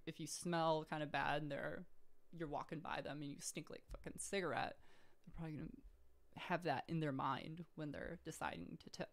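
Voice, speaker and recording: A woman who works as a restaurant server, chatting casually and self-deprecatingly with plenty of fillers. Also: low voice. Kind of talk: casual podcast chat.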